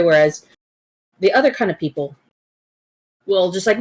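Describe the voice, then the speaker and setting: A woman's voice: on the low side, measured pace, long pauses, a little mellow. A woman chatting casually on a livestream who puts in short, supportive, dry remarks.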